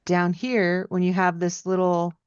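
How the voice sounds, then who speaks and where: A woman's voice: lowish voice, little pitch movement, measured pace, clear, resonant tone, no echo. A woman teaching piano, giving friendly feedback and singing phrases out in syllables to show how they go. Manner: encouraging, sings melodies out in syllables. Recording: dry, dull lo-fi sound.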